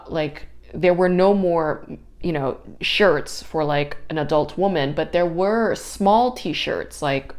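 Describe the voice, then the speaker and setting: Young woman podcaster ranting and swearing, kinda low voice, gets real worked up. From New York area. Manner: profane, exasperated, animated ranting. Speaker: podcast host. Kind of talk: casual storytelling podcast.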